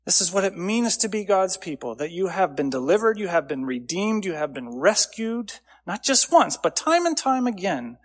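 A man preaching with a slightly higher voice than most, earnest and driving. He builds his phrases up loudly, then drops to a low, quiet close. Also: big pitch swings, normal speed, few pauses. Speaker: pastor. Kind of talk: sermon.

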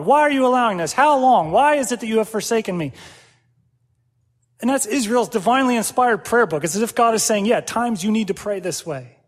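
Animated high-voiced male preacher in a hall. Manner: animated, acts out quoted prayers and dialogue, laughs often. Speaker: pastor. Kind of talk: sermon. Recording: long hall reverb.

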